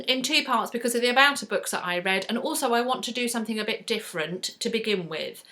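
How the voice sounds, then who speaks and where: A woman's voice: fairly high pitch, pushed and bright. A woman in her forties from South East England, with a Southern English accent and a slight northern inflection, chatting effusively to camera as a book vlogger. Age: 40s. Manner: chatty and effusive, with fillers and restarts. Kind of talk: casual chat to camera.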